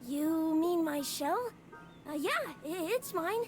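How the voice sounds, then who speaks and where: A woman's voice: extremely high pitch, expressive, slow pace, darkish tone, soft background music, full character voice. A woman voicing a shy, nervous young hermit crab who stammers hesitantly.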